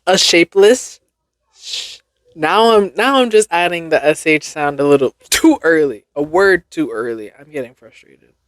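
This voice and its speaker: A woman's voice: low voice, animated, normal speed, no echo, clean studio sound. A young woman hosting a casual solo podcast, reading tongue twisters aloud and laughing at her own stumbles. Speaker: podcast host.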